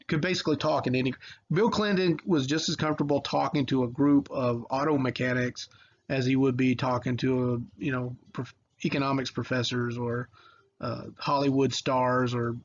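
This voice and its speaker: A man's voice: medium pitch, muffled recording, slight background noise. A man teaching a recorded history video lesson in a casual, rambling way with lots of fillers and restarts.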